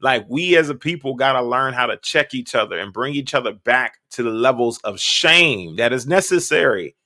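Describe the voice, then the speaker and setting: A podcast host giving blunt, slangy, emphatic reaction commentary. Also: male voice, mid-range voice, expressive, moderate pace, pushed and bright, no room sound, studio quality.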